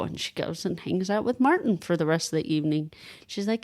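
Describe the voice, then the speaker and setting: A woman's voice: lowish voice, brisk. A woman co-hosting a podcast, recapping a movie in casual chat and acting out the characters' lines. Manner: animated retelling, acting out the dialogue. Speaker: podcast co-host.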